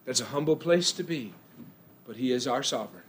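A male pastor preaching a sermon in church, swinging from hushed, low lines to loud, impassioned outbursts. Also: animated, a little fast, a little hiss or hum.

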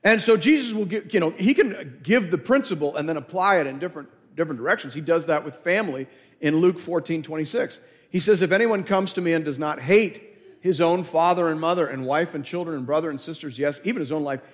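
A man's voice: a little high, fast talker. Emphatic male pastor in an echoing hall. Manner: emphatic, repeats key words, asks the listeners questions. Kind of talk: sermon. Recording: long hall reverb.

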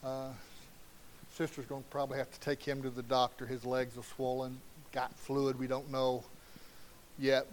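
A middle-aged man preaching a sermon in a folksy, conversational way that swings from quiet to loud. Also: mid-range voice, a little hiss or hum.

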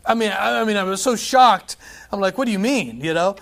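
A man preaching a sermon as pastor, reading scripture with emphasis and breaking off into quick asides and stories. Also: high-pitched, creaky. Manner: animated preaching, scripture read aloud with emphasis, asides and laughs.

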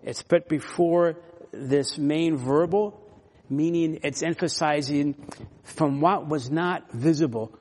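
A man preaching an expository sermon, teaching verse by verse and slowing down to stress key words. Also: a little high, darkish tone, breathy edge, in a large hall.

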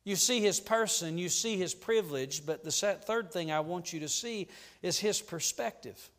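A male pastor preaching a sermon, fervent and preacherly, dropping to a hush and then rising to a ringing call. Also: high voice, normal speed. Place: church sanctuary. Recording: long hall reverb in a church.

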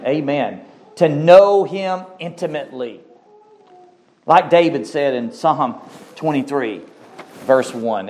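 A man preaching a sermon, emphatic and repetitive, slowing down to stress scripture and asking the congregation questions. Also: mid-range voice, darkish tone, slight background noise. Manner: emphatic, repeats key phrases, asks the congregation questions; slows down to stress scripture quotes.

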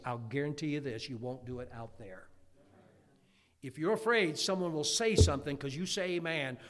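Folksy preacher man in a reverberant church. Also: fairly high pitch. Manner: folksy, animated preaching with acted quotes. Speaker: pastor. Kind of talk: sermon. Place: church sanctuary.

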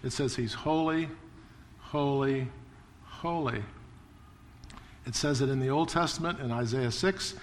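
A man's voice: mid-range voice, a little slow, long pauses, a little hiss or hum. A male pastor delivering a sermon in a church sanctuary, earnest and insistent, stacking repeated words for emphasis. His voice sits in a middling register and carries a long reverb tail from the hall. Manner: earnest, builds emphasis with repetition.

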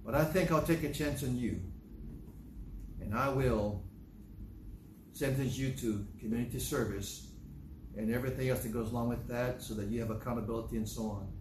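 A man's voice: mid-range voice, normal speed, long pauses, reverberant, noisy background, voice pushed down, lightly acted. A man acting out a stern judge who weighs whether to show mercy, speaking in a grave, warning manner.

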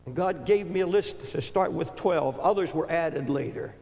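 An older man preaching a sermon with a fervent, halting delivery that climbs to shouting. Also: a little high, creaky. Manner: impassioned, rising to shouts, halting repetitions. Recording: echoey hall with long reverb.

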